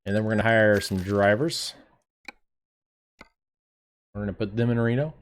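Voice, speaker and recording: A fairly low-voiced young man streaming a game. He talks to his viewers in a relaxed, off-the-cuff way and swears casually. His commentary stays loose and unscripted. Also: moderate pace. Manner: chatty, laid-back, swears casually, talks to chat. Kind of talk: casual live gameplay commentary.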